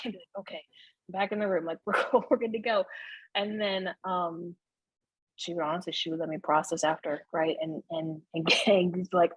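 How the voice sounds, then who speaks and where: A woman's voice: fairly low pitch, slightly rough, dry recording, low-quality recording. A woman telling her life story as an interview guest, candid and conversational, often tagging her sentences with "right?" and laughing between thoughts. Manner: animated, frequent "right?" tags and laughs. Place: Florida.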